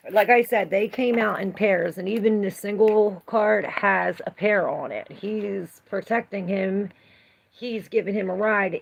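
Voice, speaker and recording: A woman's voice: mid-range voice, vocal fry, highs cut off. A woman giving a casual livestream tarot reading, chatty and laughing often as she greets viewers and answers their comments. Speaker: tarot reader.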